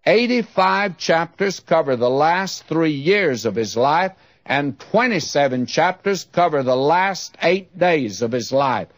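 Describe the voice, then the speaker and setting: A man's voice: fairly high pitch, expressive, takes it slowly, dry recording. A man teaching the Bible in a folksy way, speaking directly to the listener and asking rhetorical questions. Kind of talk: radio Bible study teaching. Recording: dull lo-fi radio recording.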